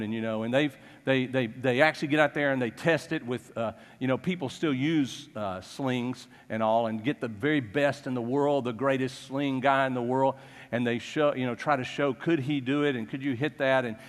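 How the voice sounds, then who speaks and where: A male pastor retelling a story in a sermon, animated and chuckling, often restarting his sentences. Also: mid-range voice. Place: church sanctuary. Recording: long church reverb.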